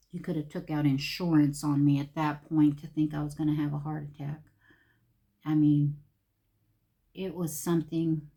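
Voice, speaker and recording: A woman's voice: low voice, gravelly, warm tone. A middle-aged woman, chatting animatedly and full of fillers while she does her makeup for a get-ready-with-me video. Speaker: beauty vlogger.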